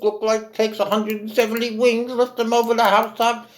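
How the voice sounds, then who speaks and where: A man's voice: sits high, brisk, hardly any pauses, rough recording. Man telling a tale in hipster jive. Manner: hip slang, lively and dramatic. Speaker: storyteller. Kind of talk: jive-slang storytelling.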